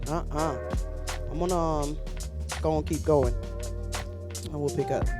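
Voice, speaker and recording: A woman's voice: deep voice, measured pace. A woman hosting a live poetry slam, chatting casually and urging the crowd to clap. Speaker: event host. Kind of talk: emcee banter at a poetry slam. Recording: music playing behind.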